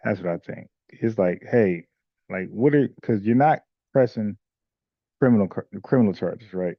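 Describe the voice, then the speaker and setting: Gravelly man, blunt slangy co-host. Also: lowish voice, moderate pace, no room sound. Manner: blunt, slangy, animated, mocking. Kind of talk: casual opinionated chat. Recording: dull lo-fi dry sound.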